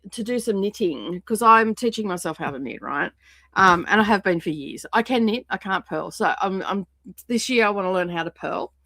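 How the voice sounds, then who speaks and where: A woman's voice: medium pitch, bright, forceful tone, no echo. A woman hosting a casual craft livestream from her home craft space, chatting in a rambling way as she explains what she is doing. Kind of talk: casual craft-along chat.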